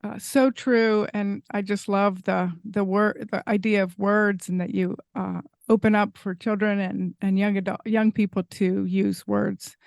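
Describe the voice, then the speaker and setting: A woman hosting an interview podcast, speaking thoughtfully and a little haltingly with fillers. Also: mid-range voice, flat delivery, creaky, a little mellow, no echo, studio quality. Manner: thoughtful, hesitant, slow, with fillers. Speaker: podcast host. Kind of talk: conversational interview.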